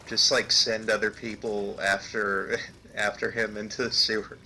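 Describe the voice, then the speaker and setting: A man's voice: lowish voice, level tone, measured pace, sharp tone, a little hiss or hum. A young man commenting casually on a video game, hesitant with lots of ums and uhs. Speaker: let's play commentator.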